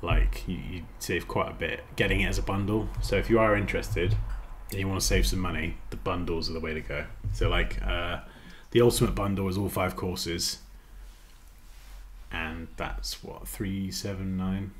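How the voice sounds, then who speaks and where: Speaking at a moderate pace in a deep, fairly even voice, a man chats casually on a design livestream while editing. He rambles and mutters as he works, with slight background noise in the clip.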